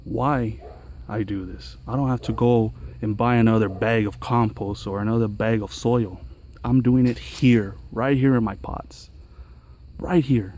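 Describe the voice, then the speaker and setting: Excited man touring his outdoor garden. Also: lowish voice, unhurried, long pauses. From Los Angeles area. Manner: enthusiastic, chatty, addresses viewers as guys. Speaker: gardening vlogger. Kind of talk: casual garden walkthrough vlog. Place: outdoors on a mountain trail garden.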